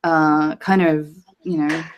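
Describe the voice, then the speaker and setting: A woman's voice: deep voice, flat delivery, takes it slowly. A woman chatting casually on a live stream, often backchanneling and swearing lightly. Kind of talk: casual chat.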